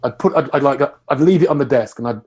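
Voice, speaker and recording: Husky guy, middle-aged, tells stories all lively and sweary, lots of restarts. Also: mid-range voice, quick pace. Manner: animated, swearing, laughing through anecdotes, many restarts. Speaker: guest. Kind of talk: candid storytelling in conversation.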